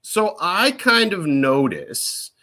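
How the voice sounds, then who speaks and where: A man's voice: high-pitched, huge pitch swings, slow pace, sharp tone. Chatty man rambling casually. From United States. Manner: rambling, self-correcting, chatty. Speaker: host answering viewer questions. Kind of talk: casual live Q&A chat.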